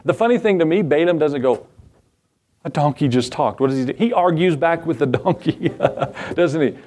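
A man's voice: fairly high pitch, expressive, normal speed, a little mellow, a little hiss or hum. A middle-aged man preaching a sermon in a folksy way, asking the congregation questions and acting out the voices he quotes. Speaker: pastor.

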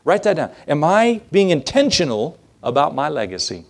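A man's voice: on the high side, very animated, normal speed, vocal fry. Folksy, earnest male pastor preaching. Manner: folksy storytelling, earnest and conversational. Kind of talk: sermon.

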